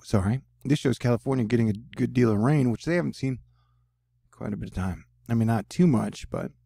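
A man with a gravelly, husky voice runs through news and weather in a loose, rambling way. He drops self-deprecating jokes between reports. The sound is dry and close. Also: fairly low pitch, dark tone, no echo. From United States. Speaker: news channel host. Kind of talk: casual news commentary.

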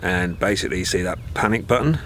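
Lively, chatty British-born man. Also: low-pitched, fast, slight background noise. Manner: chatty, animated storytelling with joking. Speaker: vlogger. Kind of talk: casual travel vlog chat.

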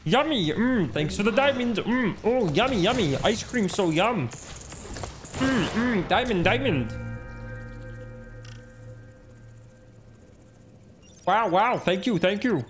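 A man's voice: high voice, sing-song, measured pace, a little hiss or hum, pitched above the performer's own voice. A man doing a goofy, gleeful impression of a male frog puppet, with a thin, nasal, warbly voice, over game music. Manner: gleeful, silly, playfully over the top.

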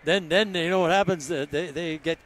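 A man's voice: fairly high pitch, a little fast, a little hiss or hum. A man giving hockey colour commentary in short, easygoing remarks beside the play-by-play caller. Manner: relaxed, brief reactions and remarks.

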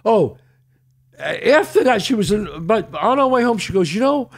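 A man's voice: high voice, normal speed. An older man hosting a podcast, telling a story in casual chat and acting out the quoted lines. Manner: animated, acts out quoted dialogue. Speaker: podcast host.

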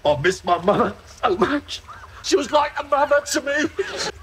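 A man's voice: extremely high pitch, lively intonation, moderate pace, a bit bright, a little hiss or hum. An actor playing a needy, childish male client in a TV sitcom, wheedling and pleading. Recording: studio audience laughter behind.

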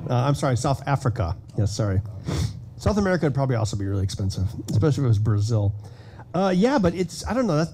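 A man giving a conference keynote in a casual, self-deprecating way, telling animated stories about his builds. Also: mid-range voice, a little hiss or hum. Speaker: keynote speaker. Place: conference hall stage.

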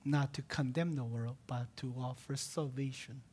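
A man preaching a sermon as pastor, repeating key words for emphasis and swinging between loud emphatic cries and hushed near-whispers. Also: medium pitch, fairly even intonation, moderate pace, slightly rough.

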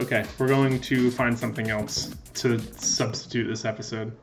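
A man's voice: medium pitch, level tone, normal speed, soft background music. A man giving joking let's-play commentary in a playful, goofy way, answering in mock meows. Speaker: gaming video creator.

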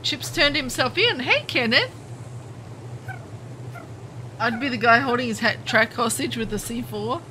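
A woman from the Southern Hemisphere streams gameplay in a fairly high voice at a moderate pace, over a rough recording with slight background noise. She keeps up a chatty commentary, greeting viewers by name in bursts of excitement.

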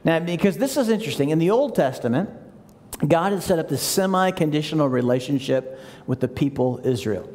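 High-voiced pastor preaching in reverberant hall. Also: male voice, expressive, a little fast, a little mellow. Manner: conversational storytelling, acting out scripture quotes. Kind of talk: sermon. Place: large church sanctuary. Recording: long church hall reverb.

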